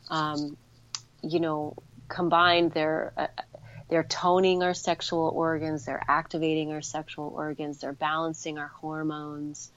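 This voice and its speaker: New York woman with a low voice. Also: flat delivery, a little slow, a bit bright, highs cut off. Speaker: guest, chocolate maker. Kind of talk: casual podcast conversation.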